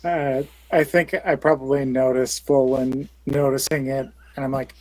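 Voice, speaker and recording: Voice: mid-range voice, level tone, normal speed, darkish tone, no echo. Hesitant, playful tabletop player, dry sound. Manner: hesitant, many fillers and restarts, playful. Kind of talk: tabletop game play, describing character actions.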